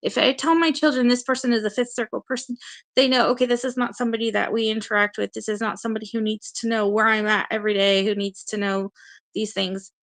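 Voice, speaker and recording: A woman's voice: a little high, steady tone, quick pace, fairly bright tone. A woman hosting a casual livestream, talking earnestly and emotionally straight to her viewers and reassuring them. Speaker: livestream co-host and advocate.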